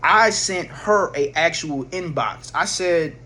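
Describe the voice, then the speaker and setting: A man's voice: on the high side, takes it slowly, pushed and bright. A man casually telling a personal story, rambling with slang, swearing and frequent restarts. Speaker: vlogger.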